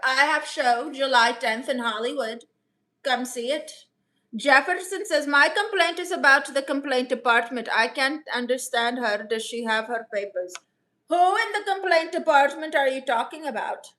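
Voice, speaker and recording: Her pitch sits high and her pace is moderate as this woman comedian improvises, deadpan, during a livestream. The character she voices is a brash, confident customer-service rep who keeps calling people "baby."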